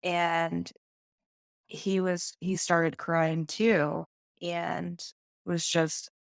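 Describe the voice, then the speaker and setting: Candid woman guest with a low voice. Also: flat delivery, drawn-out words, creaky, dry recording, studio quality. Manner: candid, earnest. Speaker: podcast guest. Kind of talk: personal storytelling.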